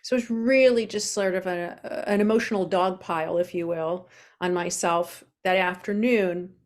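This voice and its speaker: A woman's voice: lowish voice, fairly even intonation, moderate pace. A woman in her forties, a guest on an interview show, telling her personal story openly with many fillers. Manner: open, earnest, with frequent fillers.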